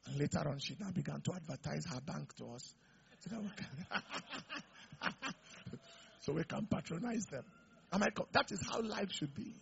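Raspy high-voiced preacher. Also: male voice, animated, moderate pace, lo-fi sound. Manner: preaching, builds to shouted declarations. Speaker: pastor. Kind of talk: sermon.

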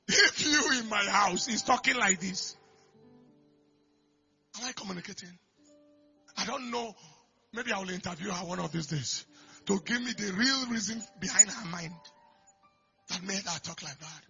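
A man preaching a sermon, moving from quiet storytelling to loud shouted declarations. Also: high-pitched, moderate pace, creaky, pauses often, husky. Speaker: pastor. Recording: dull lo-fi recording with faint music.

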